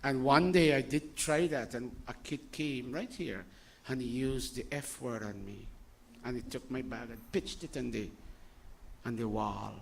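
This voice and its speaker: A man's voice: mid-range voice, unhurried, creaky, a little hiss or hum. A man, giving an informal sermon to his congregation with rhetorical questions, jokey asides and scolding. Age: 60s. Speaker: spiritual teacher.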